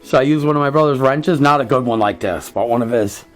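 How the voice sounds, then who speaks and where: A man's voice: medium pitch, quick pace, faint music behind. A man hosting his own vlog, talking casually to viewers about a truck engine build and ranting in frustration. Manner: frustrated, ranting, keeps saying "you guys".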